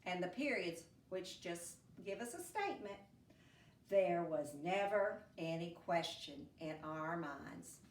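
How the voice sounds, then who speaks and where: A woman first grade teacher reading a picture book aloud to children, with animated, expressive voices. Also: fairly low pitch, takes it slowly, echoey room, distant mic, slight background noise.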